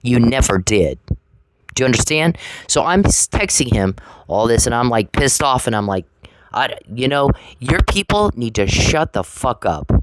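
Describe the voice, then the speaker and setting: A woman's voice: very deep voice, very animated, moderate pace, slight background noise, poor audio. A woman ranting straight at an adversary in a confrontational, sarcastic, profane way, often repeating herself. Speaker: vlogger addressing an adversary. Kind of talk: angry direct-to-camera rant.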